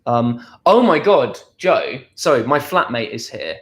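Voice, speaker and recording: A man's voice: medium pitch, very animated, a little slow, fairly bright tone. A young man from Essex hosting a casual livestream at home, reading out viewer comments in a chatty, playful, self-deprecating way. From Essex, England. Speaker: livestream host. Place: at home, indoors.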